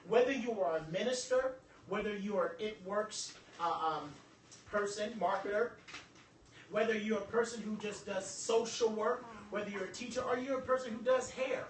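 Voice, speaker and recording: Here a motivational speaker with a high-pitched voice holds forth at a moderate pace before an audience in an event room. Joking and preaching as he teaches, he keeps his delivery animated and sermon-like. Recorded from far away in an echoey room, the audio carries some noise.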